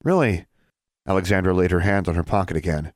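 A man with a very deep, low voice narrates a fantasy story. His delivery is steady and measured. The recording is dry, with no room echo. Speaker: audiobook narrator. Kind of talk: scripted narration.

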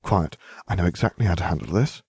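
A man's voice: sits low, quick pace, gravelly, darkish tone, slightly rough, no echo, full character voice. A man voicing a smug, scheming boy wizard who talks in a grandiose, condescending way.

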